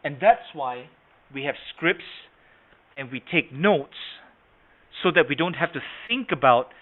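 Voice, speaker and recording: A man's voice: on the high side, animated, measured pace. Guy teaching a sales class on a video call, sounds tinny like a phone, keeps asking if it makes sense. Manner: demonstrative, keeps checking understanding with the audience. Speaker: sales trainer. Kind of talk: online training lecture.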